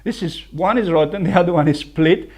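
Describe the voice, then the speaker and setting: A man's voice: high voice, fairly quick, darkish tone. A builder talking casually on a building site, chatty and laughing often at his own jokes. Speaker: licensed builder. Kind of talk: casual chat reacting to clips.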